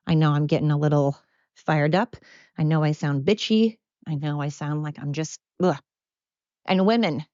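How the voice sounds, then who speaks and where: An older woman with a fairly low voice rants on her solo podcast, blunt, sarcastic and fired up. The sound is dry and close but dull, like a muffled home recording. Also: no echo. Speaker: podcast host.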